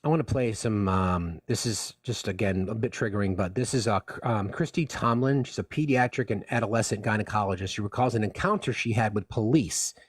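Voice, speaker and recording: A male debate host who talks fast and bluntly, pressing his guests with pointed questions. His voice is a little husky and recorded close, with a dry sound. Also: lowish voice, no echo. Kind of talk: moderating a debate.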